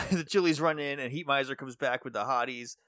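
A man's voice: medium pitch, a little fast, a bit bright, no echo, clean studio sound. A man co-hosting a podcast, joking and laughing along while recapping a TV episode. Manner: chiming in with jokes, laughing along. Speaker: podcast co-host. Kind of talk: casual chat recapping a TV episode.

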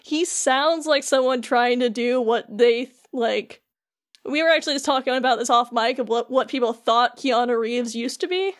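A woman's voice: on the high side, normal speed. A woman co-hosting a podcast, animatedly retelling a video game scene in casual chat with many "like" fillers. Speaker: podcast co-host.

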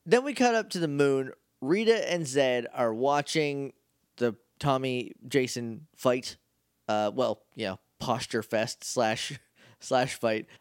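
Taking it slowly, a man with a clean, medium-pitched voice recaps an episode on a podcast he co-hosts, recorded in clean studio sound without room sound. He's animated in the casual chat, acting out lines from the characters.

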